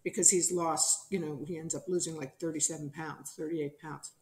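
A middle-aged woman from New Jersey, a podcast guest telling a story in a lively, animated way and acting out the people in it. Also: low-pitched, normal speed, a little hiss or hum. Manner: animated storyteller who acts out quotes. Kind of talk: casual storytelling interview. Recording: roomy echo.

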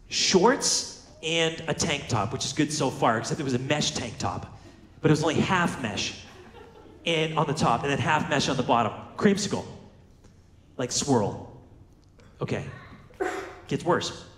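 A man speaking to an audience, telling a self-mocking story and slipping into the voices of the people in it. His voice sits a little high and leaps up and down. The sound rings in a roomy hall. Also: a bit bright, slight background noise. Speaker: motivational speaker. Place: large room with audience.

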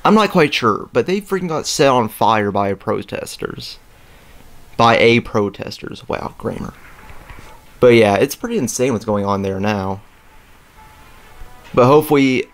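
A young man hosting a let's play, rambling casually with lots of fillers and throat clearing as he plays a strategy game. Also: on the low side, normal speed. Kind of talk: casual gameplay commentary. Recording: faint game music behind.

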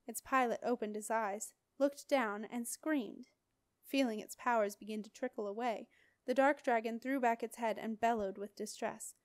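A woman narrates a fantasy audiobook with expressive, dramatic storytelling. Her voice sits slightly high. The recording is close and dry, with no reverb. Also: normal speed. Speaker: audiobook reader.

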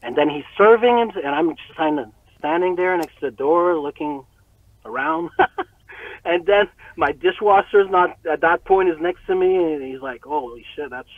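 Excitable, swearing man on a phone line. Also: sits high, normal speed, dry recording. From Montreal, Canada. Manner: excitable, profane, laughs often. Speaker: guest, rapper and chef. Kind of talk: casual storytelling. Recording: tinny dry phone-like line.

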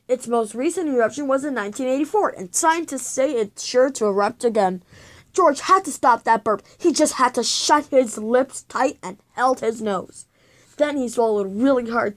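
Expressive woman reading a children's book. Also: a little high. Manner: expressive, dramatic storytelling with sound effects.

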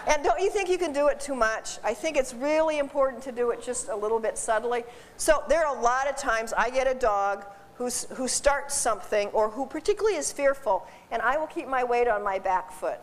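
A high-pitched woman lecturing in an informal, chatty style, often laughing and tripping over repeated words. Her voice carries in a long, echoing hall, as if recorded from the back of a lecture room. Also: fairly quick, few pauses. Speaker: dog behavior consultant. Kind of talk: informal seminar talk. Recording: distant voice in a reverberant hall.

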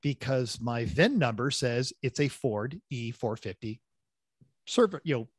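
A man's voice: mid-range voice, a little slow, breathy edge, no echo, studio quality. A man co-hosting a car podcast, telling rambling stories in casual chat and acting out quotes. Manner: rambling storyteller, restarts, animated quotes. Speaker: podcast co-host.

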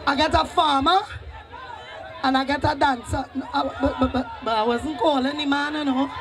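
A woman's voice: sits high, fairly even intonation, moderate pace. A woman performer bantering and teasing the audience from a live stage. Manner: teasing, playful crowd banter. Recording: live event with music and crowd.

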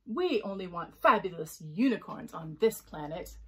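A woman voicing a crowd of vain, snooty unicorns, loud and haughty. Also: lowish voice, animated, moderate pace, slightly rough, exaggerated voice.

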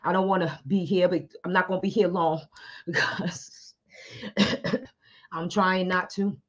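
A woman's voice: lowish voice, steady tone, measured pace, muffled recording. A woman pastor hosting an online talk show, preaching fervently over a video call, urging listeners and bursting into hallelujahs and tongues. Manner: emphatic and exhorting.

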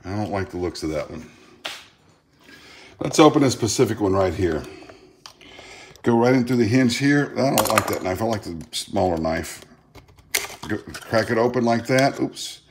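A man's voice: fairly low pitch, moderate pace, pauses often, noisy background. A middle-aged man from Louisiana with a Southern accent, chatting folksily while unboxing and tasting food in his own vlog. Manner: folksy, chatty, animated outbursts. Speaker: food vlogger.

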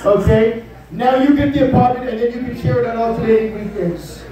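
A man's voice: extremely high pitch, a little fast, heavy reverb, far from the mic, a crowd in the background, rough recording. A man doing a live stand-up impression of a brash, boastful older male politician, rambling and tacking "okay?" onto his lines. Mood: boasting. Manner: rambling, bragging, repeats "okay?".

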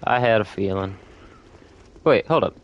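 A man's voice: fairly low pitch, lively intonation, measured pace, muffled recording, a little hiss or hum. A young man streaming a video game with a friend, chatting casually, swearing freely and laughing often. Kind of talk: casual chat while gaming.

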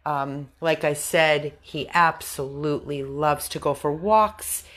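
A woman's voice: deep voice, fairly even intonation, takes it slowly, fairly bright tone. An American woman volunteering with a dog rescue, speaking earnestly to viewers in an appeal video from a room at the rescue house. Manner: earnest, coaxing baby talk to the dog.

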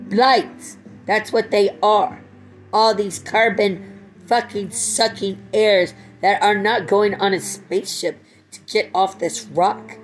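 A woman's voice: mid-range voice, rough recording. A middle-aged woman in a rambling personal monologue, profane and swinging between tender and angry.

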